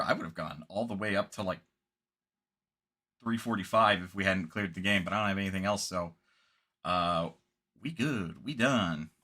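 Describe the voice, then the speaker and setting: A man's voice: on the low side, bright, forceful tone. A man streaming games, wrapping up in casual rambling chat, tired and yawning late at night. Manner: rambling, laid-back, sleepy.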